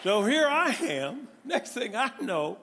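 A high-pitched male preacher with a swooping, lively delivery and a bright, tense edge, calling out to his congregation and rising into shouts. His voice rings with the long reverb of a big church hall. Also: slow pace, some chatter behind, slight background noise. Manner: animated, calls out to the congregation, builds to shouting. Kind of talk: sermon with personal testimony.

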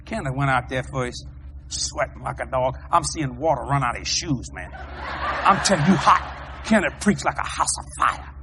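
An American man preaching a sermon, telling stories in an animated way, shouting and laughing as he goes. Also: medium pitch, moderate pace, heavy background noise. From United States. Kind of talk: storytelling sermon.

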